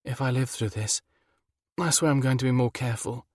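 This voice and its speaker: A man voicing a frightened young woman who speaks softly and apologetically. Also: mid-range voice, brisk, no echo, studio quality, voice pushed up, natural voice. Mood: scared. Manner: soft, hushed.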